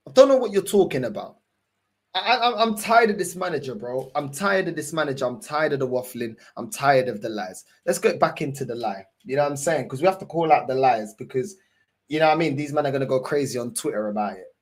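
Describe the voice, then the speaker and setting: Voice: medium pitch, expressive, quick pace. Heated football fan ranting. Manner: heated, swearing, repeats his points. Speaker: football fan channel host. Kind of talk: angry fan rant to camera.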